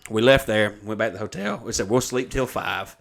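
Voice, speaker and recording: A man's voice: on the low side, expressive, brisk, creaky, fairly bright tone. Male podcast host in his 30s, crude storyteller who acts out the voices. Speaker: comedian host. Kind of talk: casual storytelling chat.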